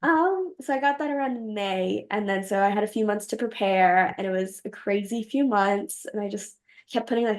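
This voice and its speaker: A woman's voice: medium pitch, normal speed. A young woman telling a story as an interview guest, bubbly and giggly, acting out her own reactions in quoted lines. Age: young adult. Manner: bubbly, giggly, quotes herself in animated voices. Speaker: podcast host and guest.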